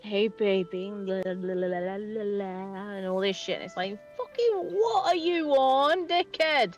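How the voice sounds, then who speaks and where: Woman gaming buddy, unhurried delivery, crude teasing banter. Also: medium pitch, expressive, muffled recording, soft background music. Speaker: co-player on stream. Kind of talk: casual voice chat.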